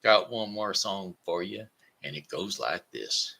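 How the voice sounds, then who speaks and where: A man's voice: low voice, lively intonation, unhurried, gravelly, bright, forceful tone. A man hosting his own daily live show, chatting in a folksy, rambling way with friendly asides to his viewers. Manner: breaks into a homespun goodbye song. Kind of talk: casual live-stream chat.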